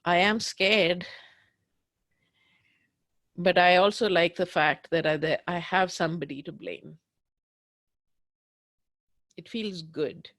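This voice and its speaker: A woman leading a guided tapping session, speaking slowly and emphatically as she voices raw anger and fear. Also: lowish voice, steady tone, fairly bright tone, dry recording. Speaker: tapping practitioner.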